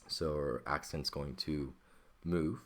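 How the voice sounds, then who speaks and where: A man's voice: rumbling low, steady tone, slow pace. A man teaching a Greek grammar lesson, working patiently step by step and often checking in with "okay?".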